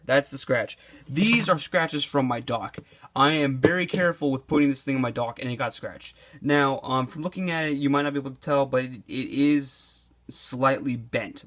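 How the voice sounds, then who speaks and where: A young man giving a rambling, casual review with frequent swearing, saying he is losing his voice. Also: medium pitch. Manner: rambling and casual, swears often, many fillers. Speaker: video reviewer.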